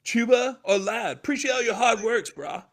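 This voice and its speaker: An American man co-hosting a live fantasy football show, relaxed and reading out viewer questions. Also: extremely high pitch, normal speed, creaky. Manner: laid-back, reads viewer questions. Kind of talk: casual live podcast chat.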